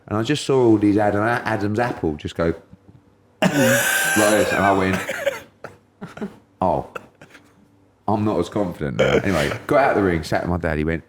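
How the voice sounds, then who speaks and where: A man's voice: on the low side, animated, normal speed, long pauses, background noise. A middle-aged man from England, a podcast guest telling a story in casual chat and acting out quotes in raised voices.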